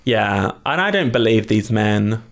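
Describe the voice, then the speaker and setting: A man's voice: lowish voice, expressive. Giggly man co-hosting a podcast. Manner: giggly and quick to laugh. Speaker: podcast co-host. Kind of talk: casual chat.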